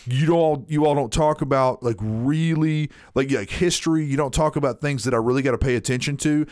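A man co-hosts a podcast, trading crude jokes and laughing with friends. His voice sits at a middle pitch and sounds dry and close to the mic. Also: fairly quick, darkish tone, dry recording. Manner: crude joking, laughs often. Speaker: podcast co-host. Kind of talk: casual chat.

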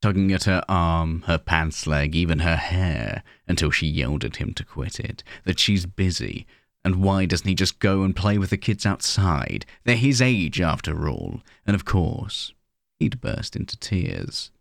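Male horror narrator, deep gravelly voice, slow hushed delivery, dry close sound. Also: expressive, no echo. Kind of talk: scripted narration of a horror short story.

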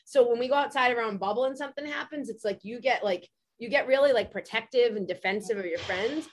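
A woman hosting a podcast, chatting casually and telling stories with lots of energy and plenty of swearing. Her voice sits a bit higher than most. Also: fast talker. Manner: animated storytelling, swears freely. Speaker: podcast host. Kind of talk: casual chat.

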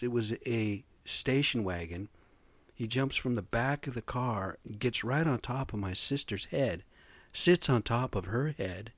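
Rambling and swearing, a storyteller in his fifties recounts personal stories casually, frequently ending sentences with "man." He has a mid-range voice, and the recording has no echo.

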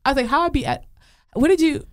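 A woman telling animated stories in a casual chat, acting out what people said. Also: sits high, fast talker. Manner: animated storytelling, quotes people. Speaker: podcast co-host.

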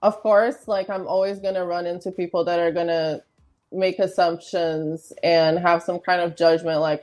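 A woman's voice: fairly low pitch, level tone, normal speed, darkish tone. A woman being interviewed as a guest, talking in an easygoing way with lots of fillers. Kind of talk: casual chat.

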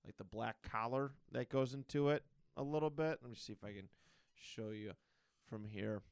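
A man co-hosting a podcast, recapping a comic book in a rambling, excited casual chat. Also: mid-range voice, normal speed, smooth, dry recording. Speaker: podcast co-host.

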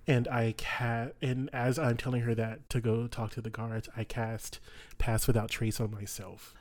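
Regular-pitched guy playing a tabletop game, kinda halting, lots of uhs. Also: level tone, no echo. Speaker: player.

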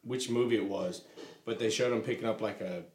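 A man's voice: lowish voice, brisk, a little mellow. A man in casual chat, hesitant and trailing off mid-thought. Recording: echoey room.

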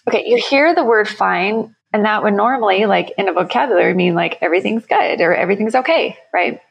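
A woman with a mid-range voice and a gravelly, fry-tinged edge talks through her work as a company founder in a conversational interview. She explains eagerly and leans on quick everyday examples. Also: medium pitch, animated, poor audio.

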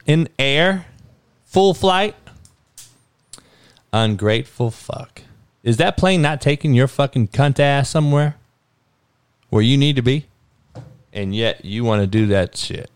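A man's voice: a little high, a little slow, smooth, no room sound, clean studio sound. Man ranting with constant swearing. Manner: heavy swearing, swings from muttering to loud outbursts. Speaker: podcast host. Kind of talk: profane sports and news rant.

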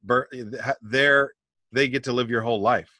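A man hosting a laid-back podcast chat, recorded close and dry with no room sound. He riffs quickly and playfully between his questions. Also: mid-range voice, steady tone, sharp tone, dry recording.

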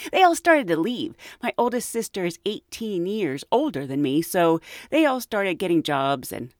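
Giggly, animated woman podcast host. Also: lowish voice, a little slow, no room sound, studio quality. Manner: animated, giggly, acts out quoted voices. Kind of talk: casual storytelling.

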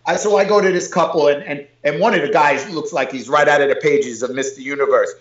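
A man's voice: fairly high pitch, fast talker. A man, telling a long joking story as an interview guest, full of "I says". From New York City. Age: 40s. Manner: rambling, joking, says "I says" a lot. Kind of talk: casual storytelling. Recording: roomy, dull lo-fi audio.

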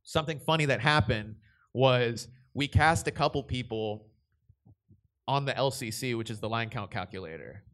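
A man's voice: mid-range voice, moderate pace, fairly bright tone. A young man, a voice director, answering a convention panel question in a casual, rambling way with frequent restarts.

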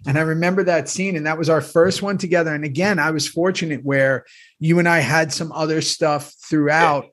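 A man's voice: on the high side, steady tone, a little fast, a bit bright. A man chatting casually with old castmates, rambling and effusive, full of restarts and fillers. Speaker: actor reminiscing with former castmates. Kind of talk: casual chat.

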